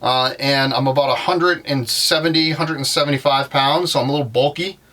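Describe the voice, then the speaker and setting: Inside a van, a young van life vlogger with a Boston accent speaks fairly quickly in a medium-pitched voice that's pushed and bright. His casual tour rambles along, full of ums and self-corrections.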